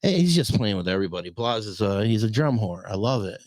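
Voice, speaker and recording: A man's voice: lowish voice, big pitch swings, fast talker, darkish tone, dry recording. A man hosting a casual live-stream talk show, chatty and loose, greeting viewers and swearing casually. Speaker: host.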